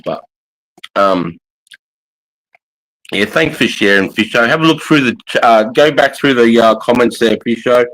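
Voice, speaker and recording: Speaking fairly quickly with hardly a pause, a middle-aged Australian man livestreams from his couch, casual and sweary, calling everybody mate. His medium-pitched voice is fairly bright, and the audio is rough.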